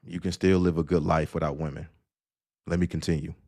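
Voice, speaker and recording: A man's voice: a bass voice, level tone, a little fast, dark tone. A man hosting an audio-only live stream, ranting sarcastically and lecturing the listener bluntly. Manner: blunt, addresses listener directly. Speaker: host. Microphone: audio-only stream mic.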